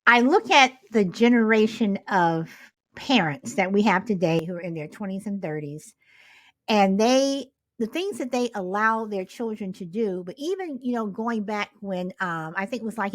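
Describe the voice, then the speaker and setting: A middle-aged woman co-hosting a casual talk show, telling stories in an animated, exasperated way with rhetorical questions. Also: medium pitch, normal speed, no echo. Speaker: podcast co-host. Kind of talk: casual chat.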